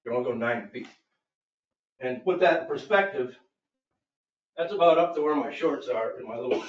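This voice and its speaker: During public comment at a board meeting, a property owner airs his complaint through emphatic, aggrieved storytelling, quoting what others told him. His mid-range voice sounds roomy and lo-fi, picked up far from the microphone.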